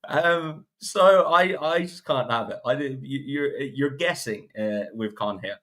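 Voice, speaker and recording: A man's voice: medium pitch, measured pace, fairly bright tone. Blunt, swearing man on a podcast. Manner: blunt, swearing, restarts sentences. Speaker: podcast panelist. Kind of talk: casual racing podcast chat.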